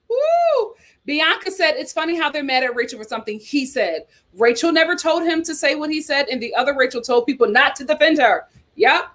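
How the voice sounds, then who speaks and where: A woman's voice: high-pitched, fairly bright tone. A woman hosting a casual commentary show, reading articles and viewer comments aloud and reacting in an outspoken, exclaiming way. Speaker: host.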